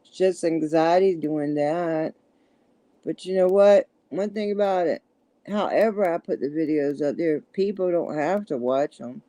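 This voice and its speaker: A woman's voice: low-pitched, a little slow, mellow, no room sound. Southern country woman, dry close sound. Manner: nervous, stumbling over words. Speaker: livestream host. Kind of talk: casual livestream chat. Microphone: phone.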